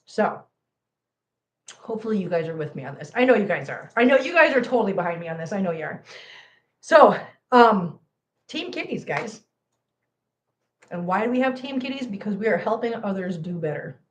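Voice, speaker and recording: Hosting a relaxed livestream for her cat channel, this American woman speaks at a moderate pace in a medium-pitched voice with big pitch swings and frequent pauses. She's chatty, self-deprecating, and laughs a lot while talking to viewers.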